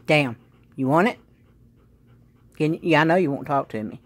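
A woman sits on the sofa in her living room, filming her dog on a phone and calling out bubbly sing-song commands and praise in a casual home video. Her voice is deep and animated, at a moderate pace.

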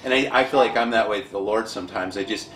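Man, lowish voice, animated storyteller, echoey room, faint hiss. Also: quick pace. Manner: animated, self-described dramatic. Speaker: guest. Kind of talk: telling a personal story.

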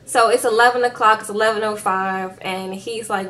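A woman casually recapping a reality episode, sassy and animated with laughing asides. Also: mid-range voice, normal speed, few pauses.

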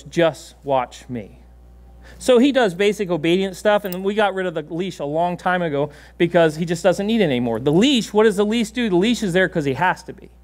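A man preaching a sermon in a church, animated and laughing often, giving commands to a dog on stage. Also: high voice. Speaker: pastor. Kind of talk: sermon with a live dog demonstration. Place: church sanctuary.

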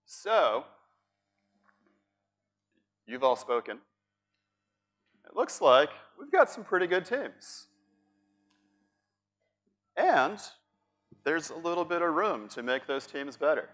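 A man's voice: a little high, takes it slowly, long pauses. A man speaking to a live audience at a conference, upbeat and talking straight to the room as he leads a workshop. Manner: animated, upbeat, addresses the room directly.

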